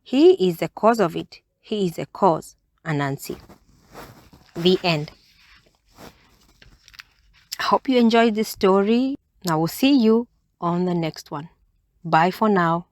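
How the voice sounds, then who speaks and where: A woman reading a children's bedtime story aloud, in a gentle and expressive way. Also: fairly low pitch, slow pace, pauses often.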